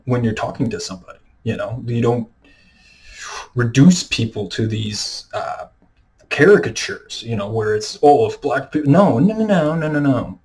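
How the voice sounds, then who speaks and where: A man talks straight into his own camera in a loose, unscripted rant. His voice sits at an ordinary middle pitch, and he circles his points with constant fillers and restarts. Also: a little mellow, low-quality recording. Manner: rambling, many fillers and restarts. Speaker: video creator. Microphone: camera mic, self-filmed.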